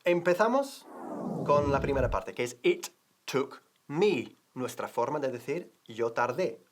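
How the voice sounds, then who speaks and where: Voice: medium pitch, expressive, fairly quick, noisy background. A teacher opening an English lesson, quizzing the viewer and explaining in a chatty way. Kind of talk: bilingual language lesson.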